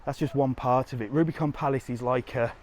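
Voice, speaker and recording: A man's voice: mid-range voice, steady tone, fairly quick, darkish tone, slight background noise. Chatty man vlogging outdoors. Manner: chatty, cheeky rambling commentary. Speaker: travel vlogger. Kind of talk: live walking vlog. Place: outdoors on a seaside resort promenade.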